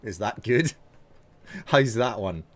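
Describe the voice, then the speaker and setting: A man's voice: on the low side, big pitch swings, slow pace. A man with a Scottish accent, chatting as a streamer, reading and answering viewer messages with hesitant fillers. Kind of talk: live stream chat while gaming.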